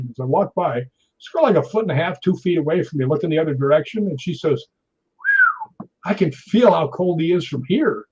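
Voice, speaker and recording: Husky older man spinning yarns. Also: on the high side. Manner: lively, laughs often, acts out others' lines. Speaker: stunt performer guest. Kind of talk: anecdotal storytelling. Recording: dull lo-fi recording.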